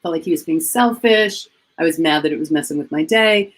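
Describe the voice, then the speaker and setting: A woman in her fifties, a guest coach, chatting casually at home over a video call and telling animated stories. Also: sits low, a little fast. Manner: animated, acts out quoted voices. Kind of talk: casual storytelling chat.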